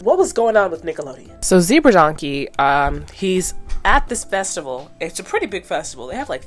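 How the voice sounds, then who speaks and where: A woman in her twenties, a vlogger casually recapping and reacting to a cartoon episode, animated and blunt, swearing freely and thinking out loud. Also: medium pitch.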